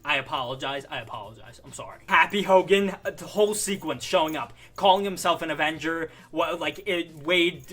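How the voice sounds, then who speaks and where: A young man reviewing a movie in a casual, excitable way, gushing and saying "like" a lot. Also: fairly high pitch, moderate pace, few pauses. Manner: excitable, gushing, heavy use of "like".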